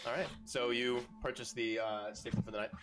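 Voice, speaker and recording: Male game master, middle pitch, meandering narration. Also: flat delivery, over music. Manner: slow, descriptive, with many ums and likes.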